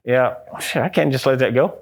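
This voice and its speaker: A middle-aged American man, a guest on an interview, telling a ghost story with lively acted-out quotes. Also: medium pitch, fairly quick. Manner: acts out quotes in a raised excited voice.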